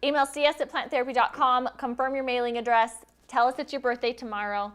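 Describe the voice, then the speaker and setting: A woman hosts a casual live stream, chatty and giggly as she greets viewers, reads their comments aloud, and runs a giveaway. She talks fast in a voice on the high side that is steady, smooth, and a bit bright.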